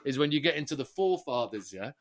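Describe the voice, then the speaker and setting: A man from England, co-hosting a podcast in casual, animated, swearing rants. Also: medium pitch, quick pace. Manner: animated, ranting, swearing, mocking. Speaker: podcast co-host. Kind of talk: casual chat.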